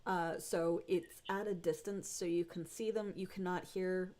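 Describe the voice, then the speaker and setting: A woman narrating a tabletop game as game master, descriptive and unhurried with frequent fillers. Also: on the low side, steady tone, a little mellow.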